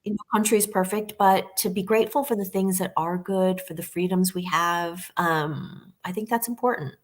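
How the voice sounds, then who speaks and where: Woman author guesting on a live video chat, earnest, chatty storyteller, slightly low voice. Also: moderate pace. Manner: earnest, animated storytelling with frequent fillers.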